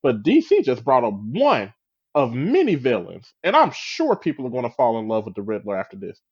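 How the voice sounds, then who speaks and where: Husky, lively man co-hosting a podcast. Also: mid-range voice, brisk, dull audio. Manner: playful, joking. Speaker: podcast co-host. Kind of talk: casual podcast chat.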